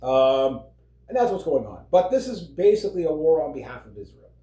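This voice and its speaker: A man's voice: fairly high pitch, very animated, a little fast, dark tone. A man ranting casually on his vlog, rambling and swearing, with lots of fillers and frequent laughs. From Canada. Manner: rambling, profane, heavy fillers, laughs often. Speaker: vlogger. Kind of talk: casual political rant. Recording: roomy echo.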